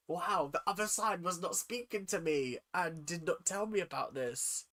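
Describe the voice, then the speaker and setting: A woman's voice: fairly low pitch, moderate pace, few pauses, fairly bright tone. A young British woman hosting a live stream awards show, chatting casually with viewers and reacting dramatically. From United Kingdom.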